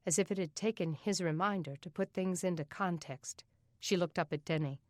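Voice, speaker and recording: A woman narrating an audiobook in an even, steady reading voice. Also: fairly low pitch, moderate pace, no room sound, clean studio sound. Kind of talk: scripted narration.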